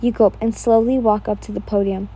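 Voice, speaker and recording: A woman's voice: medium pitch, fairly even intonation, fairly quick, husky, highs cut off. A woman casually reading a listener-insert fan fiction story aloud, stumbling and restarting now and then. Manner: reads casually, with slips and restarts.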